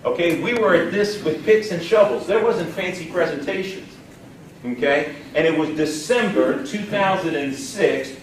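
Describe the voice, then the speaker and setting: Folksy male trainer, high-pitched, heard from far back in a very echoey room. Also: moderate pace, a little hiss or hum. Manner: folksy, emphatic, quizzes the audience. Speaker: sales trainer. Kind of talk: live training seminar. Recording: echoey room, distant mic.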